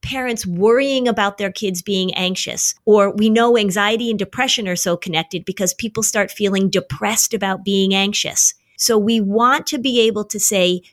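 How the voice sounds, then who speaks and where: Animated woman explaining parenting. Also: mid-range voice, normal speed, hardly any pauses. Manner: animated storyteller, acts out voices in anecdotes. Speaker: anxiety expert guest. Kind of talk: casual podcast conversation.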